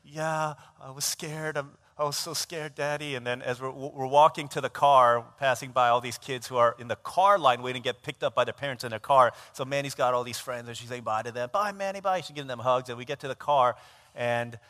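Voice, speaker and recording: A man preaching as a pastor, an animated, self-mocking storyteller, in a church sanctuary. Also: mid-range voice, a little fast. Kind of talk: sermon storytelling. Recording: long church reverb.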